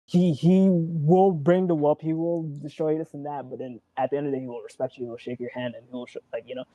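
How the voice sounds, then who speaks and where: Excitable rambling man, dull lo-fi sound. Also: a little high, quick pace, no echo. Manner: rambling, excitable, acts out quotes, swears. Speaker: wrestling show co-host. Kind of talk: casual chat.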